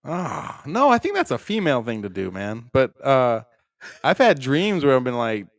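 A man with a mid-pitched, very animated voice cracks crude jokes and teases his co-host on a casual podcast. He laughs loudly, and the sound is close and dry. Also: normal speed, no room sound. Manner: joking, teasing, crude wisecracks with loud laughs.

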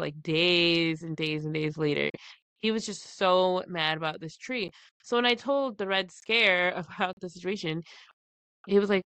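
A woman's voice: medium pitch, bright, forceful tone, smooth, no echo. A woman in her thirties co-hosting a podcast, animatedly retelling a story with quoted dialogue and frequent laughs. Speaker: podcast co-host. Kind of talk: casual chat, storytelling.

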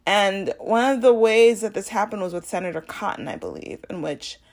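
A young woman speaks at a moderate pace on her casual solo podcast, using a home podcast mic. Her talk is animated and chatty, filled with fillers and self-corrections, with her reactions acted out through big pitch leaps.

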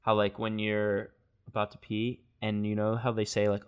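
A man's voice: on the low side, monotone, moderate pace, clean tone. Laid-back young man co-hosting. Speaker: podcast co-host. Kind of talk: casual chat.

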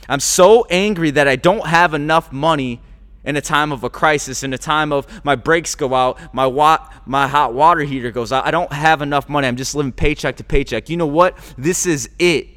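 A man's voice: mid-range voice, fairly bright tone, long reverb tail. A man hosting a podcast, giving a motivational monologue that repeats phrases and builds to fervent urging. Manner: preachy, repetitive, builds to fervent exhortation. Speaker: podcast host.

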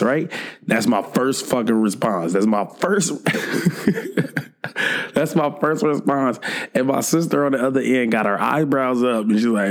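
A man's voice: medium pitch, animated, unhurried. A young man hosting a podcast, telling a funny weekend story in a laid-back, casual way, swearing often and laughing a lot. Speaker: podcast host.

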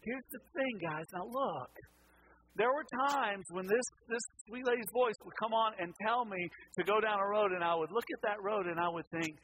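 A pastor preaching a sermon, repeating words and swinging between loud passages and hushed ones. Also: male voice, high-pitched, normal speed, slight background noise, rough recording.

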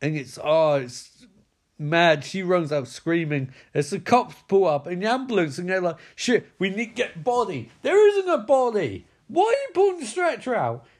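A man's voice: high voice, sing-song, moderate pace. A man giving a comedic film recap, sarcastic, incredulous and full of swearing. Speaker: movie recap commentator.

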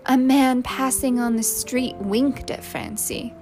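A woman narrates a novel in slow, measured storytelling. Her voice sits a little high. Loud music plays under her reading throughout. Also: steady tone. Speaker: audiobook narrator. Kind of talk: scripted narration.

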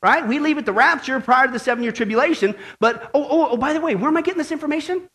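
A male pastor giving a lively, joking sermon with emphatic delivery. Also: very high-pitched, fast.

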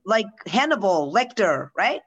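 Chatty opinionated woman, mid-pitched voice. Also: sing-song, a little slow, a bit bright, slightly rough, muffled recording. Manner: opinionated, loose conversational flow with many asides. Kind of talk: casual chat.

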